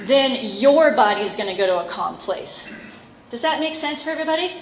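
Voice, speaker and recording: A middle-aged woman coach teaching a live seminar at a horse expo, chatty and lively, acting out her inner thoughts. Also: a little high, brisk, noisy background. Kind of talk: live talk to an audience. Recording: roomy echo, faint ambience.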